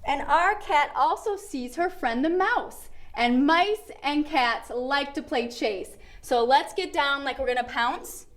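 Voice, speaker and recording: A young woman leading a toddler yoga lesson, talking in a gentle, encouraging, sing-song way to small children. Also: sits high, takes it slowly, few pauses. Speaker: kids' yoga teacher.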